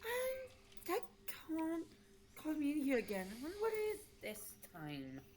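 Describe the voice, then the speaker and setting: A woman's voice: high-pitched, wildly swooping pitch, a little slow, a little mellow, a little hiss or hum, exaggerated voice. A woman reading the lines of a curious young princess in a chatty, lightly teasing way.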